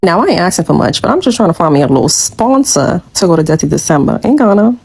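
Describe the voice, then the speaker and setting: A woman jokes to camera in a sassy, rapid-fire way. Her voice is low, and the words pour out very quickly. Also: sing-song, creaky, background noise. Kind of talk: casual selfie video.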